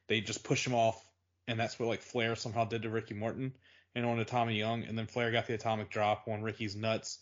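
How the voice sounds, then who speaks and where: A man's voice: fairly low pitch, a bit bright. A man co-hosting a casual podcast, rambling and filling his speech with "like". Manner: rambling, fills with "like". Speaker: podcast co-host. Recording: dull lo-fi audio.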